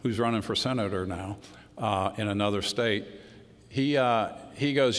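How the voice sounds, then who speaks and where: A man's voice: lowish voice, moderate pace. A man giving a folksy political speech, telling stories and acting out quoted exchanges. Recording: long hall reverb.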